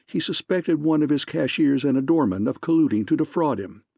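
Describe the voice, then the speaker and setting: A man narrating an audiobook in even, measured scripted narration. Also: a little high, vocal fry, husky, no echo, clean studio sound.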